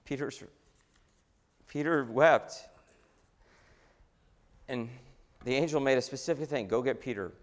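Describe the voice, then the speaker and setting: Animated preacher in a reverberant sanctuary. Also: male voice, medium pitch, measured pace, long pauses. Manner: conversational, animated preaching with restarts. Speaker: pastor. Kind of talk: sermon. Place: church sanctuary. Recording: long hall reverb.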